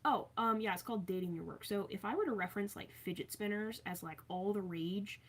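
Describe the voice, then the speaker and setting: A woman's voice: medium pitch, fairly quick. A young woman chatting casually on a livestream from her bedroom, reading out viewer comments and rambling with frequent filler words.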